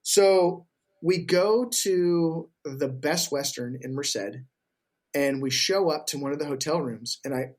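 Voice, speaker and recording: Man, guest on a casual podcast, a touch high-pitched, swears freely, animated yarn-spinner who plays every part. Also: slow. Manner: profane, animated storyteller, acts out quotes. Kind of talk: casual storytelling chat.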